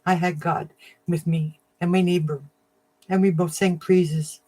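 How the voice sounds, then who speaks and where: A woman hosting a casual crafting livestream, chatting warmly with viewers, getting emotional and laughing often. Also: on the low side, little pitch movement, a little slow, a little hiss or hum. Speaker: livestream host of a crafting channel.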